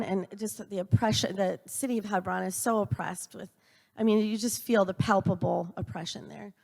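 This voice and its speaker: A middle-aged woman giving an earnest storytelling speech at a church event, halting now and then with fillers and restarts. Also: medium pitch. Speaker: speaker at a church event for a university. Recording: long church reverb.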